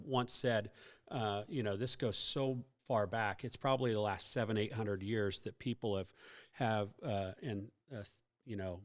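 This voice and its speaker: A man with a lowish voice hosts a casual youth ministry podcast, explaining questions of faith in a teacherly way, with many fillers and joking asides.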